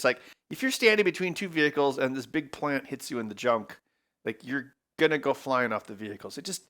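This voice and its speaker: A man talks through a film review in a loose, rambling way, breaking into mock voices to act out characters' lines. His pitch swings widely, leaping high when he gets worked up and dropping low when he mutters an aside. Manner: animated, rambling, acts out quotes in mock voices. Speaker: host. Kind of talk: casual movie review monologue.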